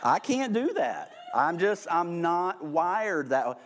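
A man preaching an informal, humorous sermon, joking at his own expense and swinging between hushed and loud delivery. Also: fairly high pitch, animated, takes it slowly, slight background noise. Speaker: pastor.

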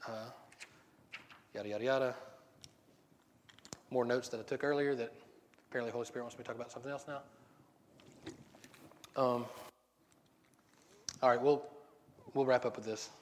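A man's voice: mid-range voice, steady tone, normal speed, long pauses, a little hiss or hum. Rambling, joking male preacher in a hall. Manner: rambling, self-interrupting, joking. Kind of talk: casual sermon. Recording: long hall reverb.

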